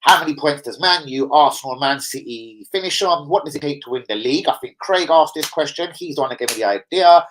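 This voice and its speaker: A young man hosts a loose football livestream, rambling between topics. His voice sits a little high, and he swears freely while giving shout-outs to the chat. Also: lively intonation, a little fast, few pauses, rough recording. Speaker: football fan livestream host.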